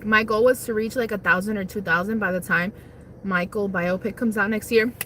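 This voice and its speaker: A young woman chats loosely with her viewers while eating lunch, her talk wandering and unhurried. She speaks into a phone, with a faint hum of noise underneath. Her pitch sits in an ordinary middle range. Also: steady tone, sharp tone. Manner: chatty, rambling, eats while talking. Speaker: livestream host. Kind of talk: casual livestream chat while eating lunch. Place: parked car on lunch break.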